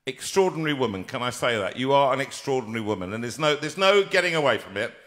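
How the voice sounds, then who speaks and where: A middle-aged man hosts a live-streamed chat. His voice is bright and forceful, and he teases his guest playfully and talks with lots of animation. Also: mid-range voice, quick pace. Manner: jovial, teasing, animated. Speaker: host.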